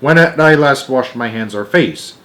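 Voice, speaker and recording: A young man reads a children's book aloud in a middle-pitched voice. He is expressive and lively about it and stumbles now and then, catching himself with quick restarts. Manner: expressive, with small slips and restarts. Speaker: storyteller.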